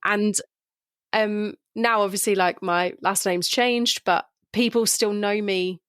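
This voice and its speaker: A woman's voice: mid-range voice, steady tone, slow, a bit bright, clean tone, no room sound, studio quality. A chatty, frank British woman hosting a podcast interview in casual conversation. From Britain. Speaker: podcast host.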